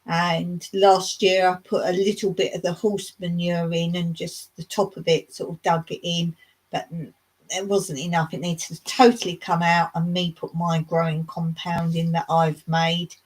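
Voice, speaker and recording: A woman's voice: lowish voice, little pitch movement, moderate pace, rough recording. A woman chatting casually with viewers on a live stream, rambling from one thing to the next and laughing often. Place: rural smallholding.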